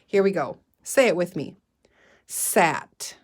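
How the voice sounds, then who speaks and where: A woman teacher leading a phonics lesson, slowly sounding out word parts and encouraging her young listeners. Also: on the low side, expressive. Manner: encouraging, calls listeners "friends". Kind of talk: guided reading phonics lesson.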